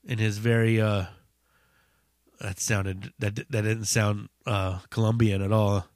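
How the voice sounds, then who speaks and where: A man hosting a podcast, telling a story in a casual, profane, animated way. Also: on the low side, takes it slowly, no echo, clean studio sound. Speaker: podcast host.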